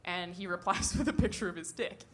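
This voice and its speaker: A woman's voice: fairly low pitch, a little fast. A woman doing a stand-up comedy set on stage into a handheld mic, brash and profane, laughing at her own jokes. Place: comedy stage before a live audience.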